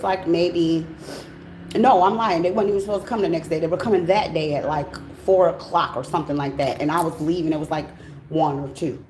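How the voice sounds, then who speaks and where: A woman's voice: lowish voice, a little mellow, slight background noise. A woman tells a rambling story straight to her viewers. She laughs, swears and acts out every line of dialogue with big swings in her voice. The echo of the room rings around her. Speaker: tarot reader and channel host. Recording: echoey room.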